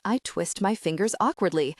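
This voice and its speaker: A woman reading a first-person audiobook with expressive, animated storytelling. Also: mid-range voice, normal speed, no room sound, studio quality. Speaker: audiobook narrator.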